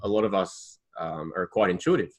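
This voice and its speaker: A man co-hosting a live intuitive reading, backing up his partner and adding his own points in a supportive way. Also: deep voice. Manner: supportive, chiming in with agreement and quick additions. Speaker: intuitive coach.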